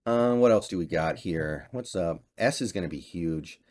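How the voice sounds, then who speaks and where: A man's voice: sits low, lively intonation, normal speed, a little mellow. A young man giving casual, offhand gaming commentary, thinking aloud as he ranks games. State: slight cough and voice crack. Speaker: gaming YouTuber. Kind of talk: casual tier-list commentary.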